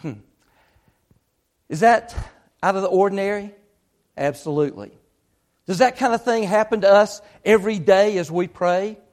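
High-voiced man preaching a story. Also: normal speed, pauses often, a little mellow. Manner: retells a story with lots of quoted speech. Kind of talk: sermon storytelling.

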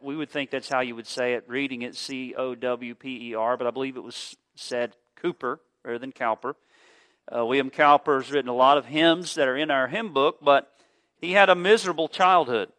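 A man preaching a sermon, telling a story in an earnest, measured way with small filler pauses. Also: medium pitch, steady tone, fairly bright tone.

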